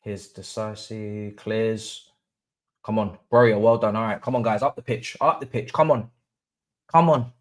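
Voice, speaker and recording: Excitable young man streaming football. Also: on the low side, measured pace. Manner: excitable, swings from murmurs to hype chants. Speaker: livestream host. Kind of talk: live football watch-along chat.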